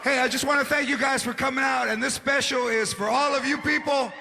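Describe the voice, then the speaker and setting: A man doing a stand-up comedy set, with a loud, punchy delivery that mixes in Spanish words. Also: extremely high pitch, steady tone, a little fast, creaky. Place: large theater stage. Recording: live theater show with crowd noise. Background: audience laughter and noise.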